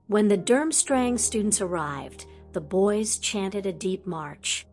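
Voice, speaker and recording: Woman narrator, slow, even pitch, faint music bed. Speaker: audiobook narrator. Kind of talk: fan fiction audiobook narration.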